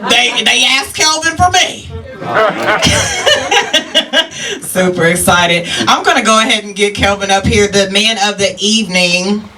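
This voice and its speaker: A woman's voice: mid-range voice, normal speed, hardly any pauses. A woman hosting a live comedy show on a club stage, playful and teasing the crowd. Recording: distant stage mic, loud crowd.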